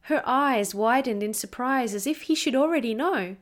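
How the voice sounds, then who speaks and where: A woman narrating a storybook in a slow, measured reading. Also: on the high side.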